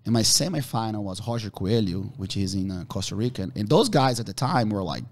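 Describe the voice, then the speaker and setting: A man, a podcast guest, telling animated stories with free swearing. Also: fairly low pitch, brisk. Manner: animated, swears freely, relives the moment. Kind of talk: casual storytelling.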